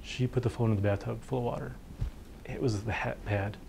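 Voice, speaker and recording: A man's voice: medium pitch, steady tone, brisk, vocal fry, darkish tone, a little hiss or hum. Chatty man lecturing. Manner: conversational, full of fillers, acts out patients' words. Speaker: physician giving a workshop talk. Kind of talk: informal lecture.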